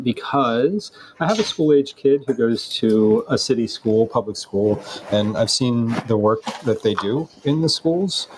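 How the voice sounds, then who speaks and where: A man's voice: medium pitch, noisy background. A man competing as a home cook, talking casually on a livestream about his charity and dish, with laughs and restarts. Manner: chatty, laughing, self-correcting. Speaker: cooking contestant.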